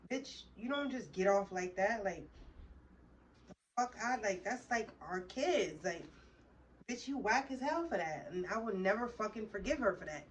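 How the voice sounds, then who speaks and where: A woman's voice: medium pitch, fairly bright tone, far from the mic, a little hiss or hum, poor audio. A woman with a New Jersey accent telling a storytime in a casual, profane, heated rant. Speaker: vlogger.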